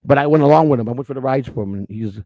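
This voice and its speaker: Middle-aged man, podcast host, rapid-fire delivery, dry close sound, blunt and emotional. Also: mid-range voice, warm tone, no room sound, muffled recording. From Chicago. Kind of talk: personal life storytelling.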